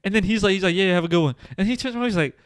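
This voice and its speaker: A man's voice: high-pitched, racing, clear, resonant tone, no room sound, studio quality. A young man in his twenties co-hosting a podcast, telling stories in casual chat with slang, fillers and frequent laughter. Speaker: podcast co-host.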